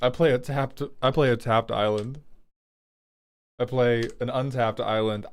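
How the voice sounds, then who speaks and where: A man streaming live as a reviewer of viewers' card game decks, talking casually and profanely with loud outbursts. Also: mid-range voice, unhurried. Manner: animated, profane, breaks into loud outbursts and laughter. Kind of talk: casual livestream commentary.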